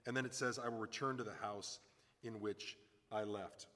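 A pastor preaches conversationally in a large hall, often acting out the voices of the people in his stories. His voice is lowish and fairly bright, with fairly even intonation at normal speed.

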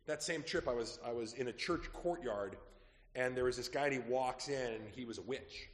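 A man preaching as a pastor, telling stories in a lively, conversational way that drops quietly at asides. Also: mid-range voice, moderate pace. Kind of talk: sermon storytelling. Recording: echoey hall with long reverb.

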